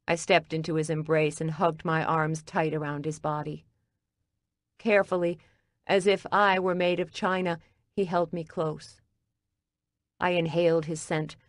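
A woman narrating a first-person audiobook in a quiet, intimate, measured way. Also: on the low side, dry recording, studio quality.

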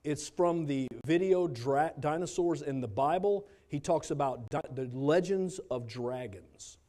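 Mellow-voiced man teaching a congregation. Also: fairly high pitch, measured pace. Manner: conversational with wry asides. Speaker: church speaker.

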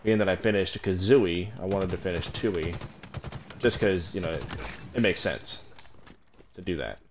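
Low-voiced man in casual gameplay chatter. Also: moderate pace, slight background noise. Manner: candid, chatty, swears offhandedly. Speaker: gaming streamer. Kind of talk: casual let's-play commentary.

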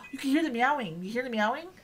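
A young adult woman giving excitable casual reaction commentary, gasping and repeating exclamations. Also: high-pitched, fast, slightly rough. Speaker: video reactor.

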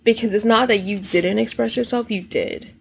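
A woman talks through a tarot spread in a casual, straightforward way, asking questions out loud and reading lyrics as messages. Her voice sits in a middle range with a gravelly, creaky texture. A faint noise runs under the recording. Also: on the high side. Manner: reads song lyrics aloud in a quick, soft recital; straightforward, musing, rhetorical questions. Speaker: tarot reader.

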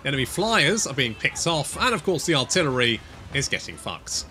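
A man giving casual, excitable, sweary commentary over his strategy game. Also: medium pitch, brisk. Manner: excitable, sweary, talks to units. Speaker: gaming channel host.

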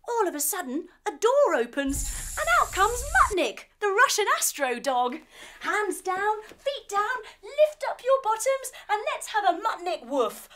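A woman telling a guided yoga story for children, playful and animated with sound effects. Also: high-pitched, unhurried. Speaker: kids' yoga instructor and storyteller.

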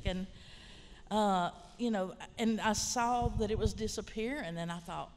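In a large lecture hall, this writer and college teacher from western North Carolina's Appalachia shares casual stories on a panel with a Southern Appalachian accent. She talks at a moderate pace in a mid-range voice, rambling, frank and plainspoken, swearing mildly.

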